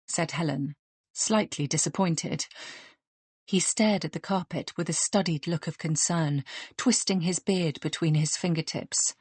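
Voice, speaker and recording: Narradora de voz grave y ronca. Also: female voice, deep voice, a little slow, darkish tone, slightly rough, no echo. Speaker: audiobook narrator. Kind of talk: scripted audiobook narration.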